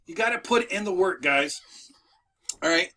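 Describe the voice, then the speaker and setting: A man's voice: high-pitched, expressive, a little slow, pushed and bright. A man hosting a casual motivational video from home for moving business owners, talking in a folksy, repetitive way with many restarts. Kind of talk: casual motivational talk to camera. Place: at home with dogs nearby.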